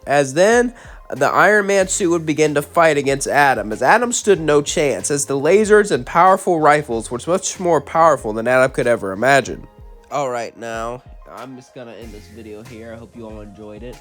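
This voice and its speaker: A man hosting his own channel, telling a crossover story in a casual way and then ranting in an animated, exasperated voice, with a slight cough. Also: mid-range voice, normal speed, faint music behind. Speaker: channel host, narrator.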